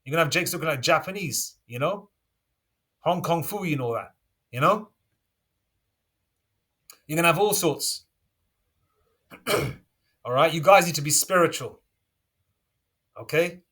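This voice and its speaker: A man preaching and reading scripture aloud, constantly checking in with his listeners and stressing points with sudden loud bursts. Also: fairly high pitch, lively intonation, a little slow, long pauses, breathy edge. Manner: checks in with listeners constantly, asking "okay?" and "all right?". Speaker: religious teacher.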